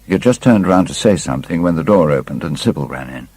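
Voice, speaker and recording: Guy narrating an audiobook, measured, very low husky voice, dry close sound. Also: animated, darkish tone, dry recording, rough recording. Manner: measured, literary storytelling. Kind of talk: scripted narration.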